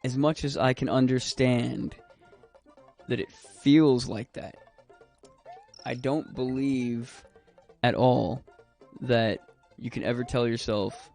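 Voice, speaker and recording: A man's voice: medium pitch, fairly even intonation, slow pace, gravelly, long pauses, a little mellow, soft background music. A young man streaming a video game, chatting casually and rambling, swearing freely. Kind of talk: casual gaming stream chat.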